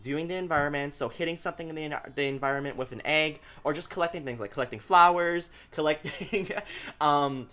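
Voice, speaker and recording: A man hosting a casual podcast chat, animated and quick to laugh. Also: on the high side. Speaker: podcast host.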